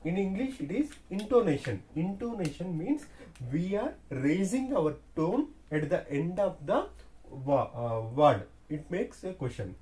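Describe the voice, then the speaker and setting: Slow, lively-toned man teaching French. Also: sits high. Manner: repeats key words, slow and deliberate. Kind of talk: slow classroom explanation.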